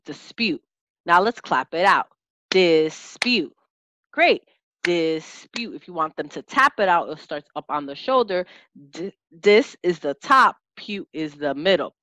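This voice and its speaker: A woman teaching a lesson, sounding out letters and syllables slowly and clearly as an instructor. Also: low voice, fairly bright tone, dry recording. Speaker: teacher and test-prep instructor.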